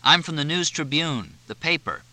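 A man voicing a dry, deadpan young reporter in an audiobook. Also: fairly high pitch, moderate pace, no echo, pitched above the performer's own voice.

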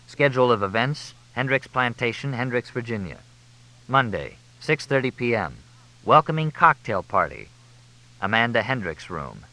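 A man reading an audiobook as narrator, in a measured, expressive way. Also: sits low, poor audio. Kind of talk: scripted narration.

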